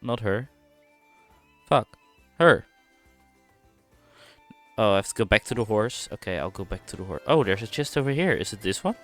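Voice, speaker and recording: Over faint background music, a man with a fairly low voice, lively intonation, and a somewhat bright tone provides casual gameplay commentary on stream. As he explores, he reasons aloud, reacts fast, and voices the game's dialogue.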